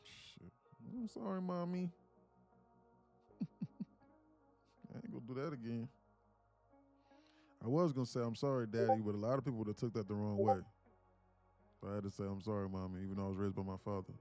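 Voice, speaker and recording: A man's voice: fairly low pitch, fairly even intonation, brisk, pauses often, mellow, faint music behind. A man, a live-stream day trader, chatting casually and profanely, joking and reading viewers' comments aloud. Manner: joking, profane, slangy, reads chat aloud.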